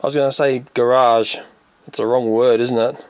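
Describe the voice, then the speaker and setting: A man's voice: medium pitch, little pitch movement, normal speed, clean tone, no echo. A man, coughing and unwell, giving jokey, casual toy unboxing commentary. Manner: jokey, trails off into "blah blah". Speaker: toy reviewer. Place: home room with toys.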